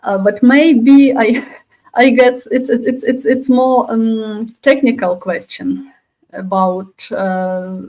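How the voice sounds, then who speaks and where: A woman asking a question on a video call, halting with many fillers and restarts. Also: fairly high pitch, steady tone, darkish tone, poor audio.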